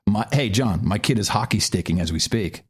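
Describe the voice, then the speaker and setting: Middle-aged guy on a podcast, sarcastic, husky, voice all over the place. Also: on the low side, fairly quick. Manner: sarcastic, mocking, animated. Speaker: podcast co-host. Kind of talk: casual political commentary.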